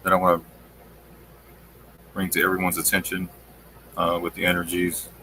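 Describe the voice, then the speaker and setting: A male host talking offhandedly while he brings up and pauses clips on a live stream. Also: sits low, monotone, sharp tone, slight background noise. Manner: offhand, talks while working the screen. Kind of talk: casual live-stream commentary.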